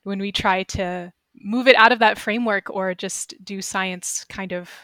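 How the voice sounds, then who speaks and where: A woman's voice: medium pitch, steady tone, measured pace, sharp tone, no echo. A woman podcast host asking questions in a thoughtful, slightly hesitant conversational way. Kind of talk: casual interview questions.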